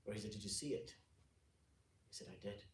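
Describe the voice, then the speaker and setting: A man, an Islamic scholar, giving a religious lecture to a gathering. He tells stories casually, then slows down and speaks with emphasis when he explains sayings. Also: on the low side, slight background noise. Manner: casual, conversational storytelling with frequent "you know" and restarts. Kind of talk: religious lecture with a storytelling anecdote. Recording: roomy, distant mic with faint ambience.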